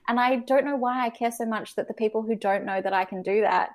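A woman's voice: a little high, fairly quick. A woman talking candidly as a podcast guest, hesitant, with many fillers and restarts. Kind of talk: candid conversational reflection.

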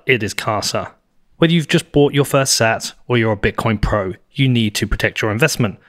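A British man hosts a podcast, his voice sitting at an ordinary middle pitch. He runs through sponsor reads and then settles into loose, laughing chat with his guest. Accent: British English. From Britain. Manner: relaxed, chatty, laughs often, restarts mid-sentence. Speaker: podcast host.

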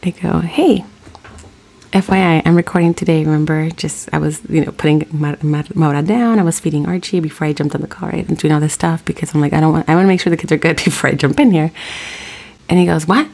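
Fast, low-voiced woman telling a story. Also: creaky, a little mellow. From Latin American heritage. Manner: rambling storyteller, acts out both sides. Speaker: podcast co-host. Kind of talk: casual chat.

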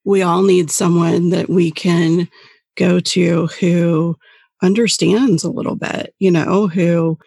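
Husky, gravelly woman, dry mic. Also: lowish voice, steady tone, slow pace, a little mellow, dry recording. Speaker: podcast host. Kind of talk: casual podcast talk.

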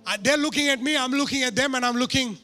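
A man preaching a sermon through a personal story, animated and poking fun at himself. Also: very high-pitched, quick pace, faint music behind. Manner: animated, self-mocking humor.

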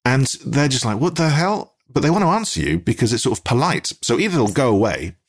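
A man's voice: mid-range voice, fast, slightly rough. A British man chatting as a podcast guest, rambling with many ums and restarts and livening up when he acts out little exchanges. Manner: animated when acting out quoted exchanges. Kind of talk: casual conversation.

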